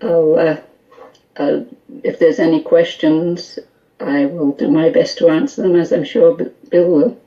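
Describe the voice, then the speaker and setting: A woman's voice: sits low, a little slow. Woman telling a story over a dull line. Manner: animated storyteller with laughs and quoted dialogue. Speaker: guest, skull interpreter. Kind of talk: storytelling on a call-in radio show.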